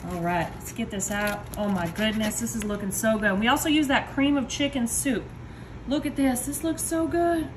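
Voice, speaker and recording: A woman's voice: fairly high pitch, fairly even intonation, normal speed, background noise. A woman hosting a casual home cooking demo, chatty and upbeat, calling her viewers y'all. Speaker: home cook host.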